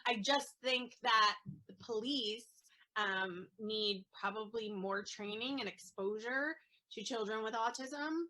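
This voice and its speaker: Earnest halting mom, bright voice. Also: female voice, on the high side, rough recording. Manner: earnest, halting with many fillers. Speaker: guest, autism mom. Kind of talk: casual interview chat.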